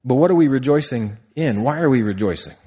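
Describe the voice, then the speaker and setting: A man's voice: medium pitch, expressive, fairly quick, mellow, breathy edge. Earnest male pastor preaching, slightly muffled. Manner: earnest preaching with rhetorical questions, rising to emphatic peaks. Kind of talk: sermon. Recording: slightly dull, muffled sound.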